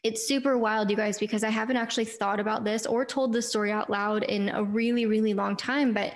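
A woman's voice: on the high side, fairly even intonation, brisk. A woman in her thirties hosting a faith podcast, telling personal stories in an earnest, chatty way and talking straight to her listeners. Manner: earnest, chatty, addresses listeners as "you guys". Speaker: podcast host.

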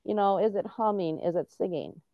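Speaking at a normal speed in a creaky, medium-pitched voice, this middle-aged woman is a guest on an interview podcast and an advocate for autism and veterans. She explains earnestly and keeps restarting in the casual conversation, captured on a dull, dry lo-fi recording.

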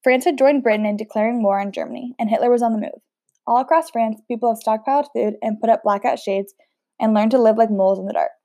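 A woman's voice: on the high side, fast, dark tone, no echo, studio quality. A woman reading a novel aloud in a casual way, stumbling over words now and then and chatting between passages. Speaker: audiobook reader.

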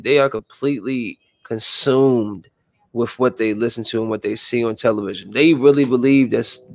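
His voice is medium-pitched and creaky, recorded at studio quality with no room sound, in a room with a window. He reads headlines aloud flatly, then drifts into loose, conversational rambling, stopping to react and let off steam.

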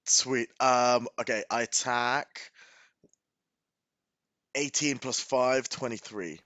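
A man playing a tabletop game, talking casually and haltingly, with pauses. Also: mid-range voice, fairly even intonation, a bit bright, dry recording. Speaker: player.

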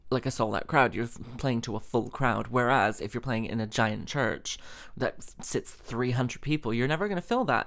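Young man, solo podcast host, casual monologue, rambling, sweary, filler-heavy, mid pitch. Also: gravelly.

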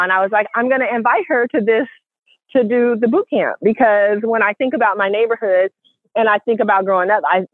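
A woman hosting a casual group call, chatty and lively, laughing often while walking. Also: mid-range voice, no room sound. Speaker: host. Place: outdoors walking. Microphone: phone. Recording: tinny phone line, dry.

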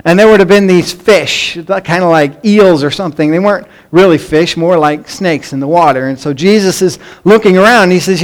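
A middle-aged man delivers a sermon with lively, story-driven energy, his voice sitting notably high for a man. He slips into pleading children's voices to act out his illustrations. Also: moderate pace, hardly any pauses. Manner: animated storytelling, acts out pleading children in a raised voice. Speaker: pastor.

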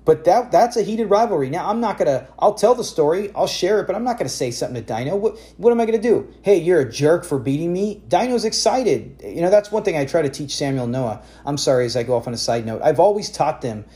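A man in his forties hosting a casual fantasy football talk show, telling stories in an animated way with lots of self-corrections. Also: on the high side, fast, hardly any pauses. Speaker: podcast host.

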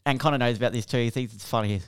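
A man's voice: medium pitch, fast talker, clean tone, no room sound, clean studio sound. A young Australian man co-hosting a podcast, telling a rambling story in casual chat, swearing freely and laughing as he goes. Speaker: podcast co-host.

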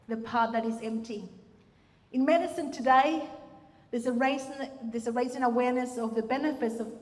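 A woman pastor giving a conversational sermon with restarts and fillers, recorded in a church hall. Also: on the high side. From Australia. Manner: warm, conversational preaching with frequent restarts and fillers.

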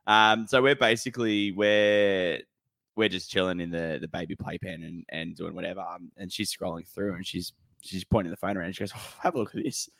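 A man's voice: deep voice, fairly even intonation, moderate pace, creaky, fairly bright tone, dry recording. A man, co-hosting a podcast in casual banter. He talks hesitantly, with lots of "um" and restarts. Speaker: podcast co-host.

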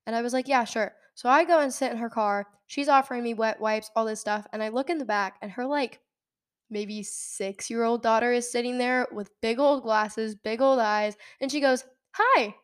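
A young woman hosting a podcast, telling a story in a casual, animated way, laughing often and acting out quoted lines. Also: on the high side, normal speed, smooth. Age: young adult. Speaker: podcast host.

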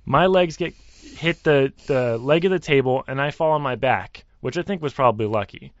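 A young man telling a personal story as a caller, earnest and halting, acting out what others said. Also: medium pitch, dry recording. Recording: dry, muffled lo-fi line.

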